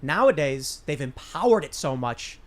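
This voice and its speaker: A man's voice: fairly high pitch, sing-song, moderate pace. Give me a man hosting a podcast, rambling through an anecdote in casual talk. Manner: rambling storyteller with frequent restarts. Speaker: podcast host.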